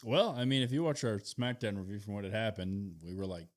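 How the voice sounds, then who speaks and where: A man co-hosting a wrestling podcast, talking through picks in a relaxed, matter-of-fact way. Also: lowish voice, a little fast. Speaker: podcast co-host. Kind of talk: casual wrestling chat.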